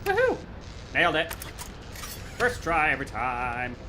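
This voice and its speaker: A chatty, jokey man streams himself playing a game, his lively pitch swinging up and down as he reacts. Loud noise runs behind his voice the whole time. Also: moderate pace. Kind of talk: casual let's-play commentary.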